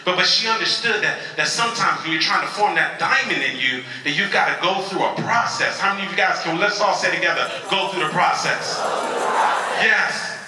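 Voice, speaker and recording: A man's voice: sits high, animated, a little fast, hardly any pauses, bright, forceful tone, some chatter behind. A man giving a motivational speech to a convention audience, telling a story with call-and-response and stammered restarts. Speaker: motivational speaker. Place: large convention hall with audience. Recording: echoey convention hall from far off.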